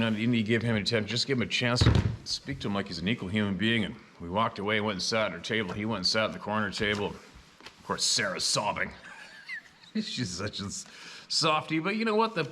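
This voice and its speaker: A man's voice: lowish voice, bright, forceful tone, a little hiss or hum. A man telling rambling, blunt stories in a casual vlog, swearing now and then. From Canada. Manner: blunt and profane, with frequent asides. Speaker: vlogger.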